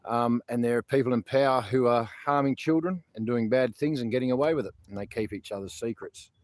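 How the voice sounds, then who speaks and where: A man's voice: medium pitch, brisk, no room sound. An Australian man talks earnestly to his livestream viewers from outdoors in a public garden. His speech rambles, full of ums and restarts, in an ordinary mid-range voice. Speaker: protest livestream host. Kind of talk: casual outdoor livestream talk.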